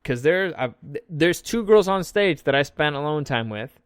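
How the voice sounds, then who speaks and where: A man's voice: fairly high pitch, animated, moderate pace, clean tone, dry recording, clean studio sound. A young man casually recapping an event in a loose, joking way, swearing freely as he tells the story. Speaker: vlog host recapping an event.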